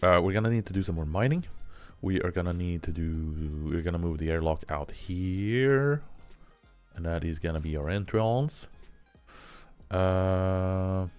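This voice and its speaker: A man's voice: deep voice, measured pace, a little mellow, soft background music. A man with a Swedish accent, a native Swedish speaker, giving casual commentary while he plays a game, muttering to himself and humming filler syllables. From Sweden. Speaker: game streamer.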